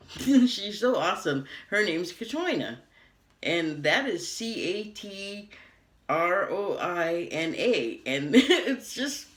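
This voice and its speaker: A woman's voice: on the low side, big pitch swings, slow pace. An American woman giving a casual TV review, rambling and laughing often. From United States. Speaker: TV critic. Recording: roomy echo.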